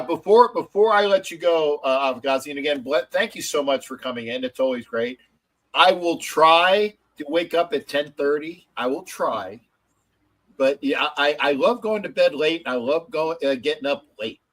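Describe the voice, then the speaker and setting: A male host chatting about sports in a loose, rambling way. His voice sits a little high, and he stumbles through fillers and drops the odd curse. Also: moderate pace, a bit bright, rough recording. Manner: rambling, swears, hesitant with fillers. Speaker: podcast host. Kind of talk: casual sports chat.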